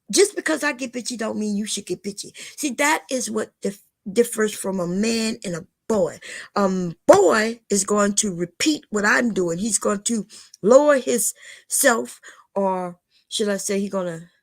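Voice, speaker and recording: A woman's voice: mid-range voice, gravelly. An older woman hosting a casual livestream, talking bluntly and lecturing her viewers, often calling them y'all. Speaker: livestream host.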